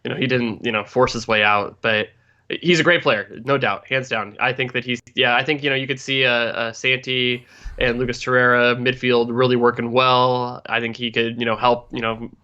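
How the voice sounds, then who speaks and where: A man's voice: mid-range voice, flat delivery, moderate pace, sharp tone, muffled recording. A man co-hosting a live podcast, hesitant and starting over often. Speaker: podcast co-host. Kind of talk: casual live podcast chat.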